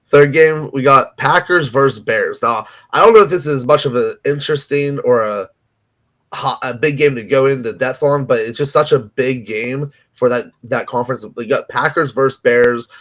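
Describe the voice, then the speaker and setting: A man co-hosting a casual sports betting podcast. He rambles through his picks, hedging and restarting his sentences with plenty of ums. His voice sits at an ordinary pitch. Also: normal speed, a bit bright. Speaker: podcast co-host.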